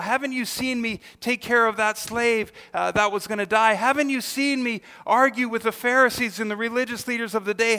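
A man's voice: very high voice, bright, forceful tone, clean tone. A man preaching a sermon as pastor, with emphatic rhetorical questions and acted-out quotes. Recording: reverberant hall.

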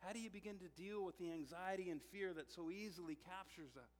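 A man's voice: high voice, fast talker. A man preaching a sermon as pastor, telling a personal story in a conversational way, often repeating and restarting words. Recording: long hall reverb.

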